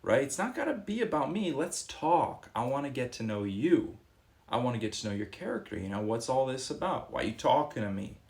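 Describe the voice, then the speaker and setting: A man's voice: mid-range voice, big pitch swings, brisk, darkish tone. A young man talking casually and earnestly to camera as a fitness vlogger, rambling a little and acting out quoted exchanges. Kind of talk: casual reflective monologue.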